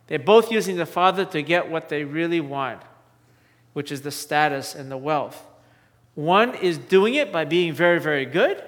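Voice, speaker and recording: A man's voice: a little high, fairly bright tone, in a large hall. A male pastor giving a sermon in a conversational way, often asking his listeners questions. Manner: conversational preaching, asks the audience questions.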